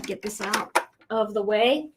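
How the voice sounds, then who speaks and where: Heavy background noise surrounds this woman's medium-pitched, slightly slow voice. Teaching card stamping on a live stream, she chats playfully with viewers and talks them through each stage.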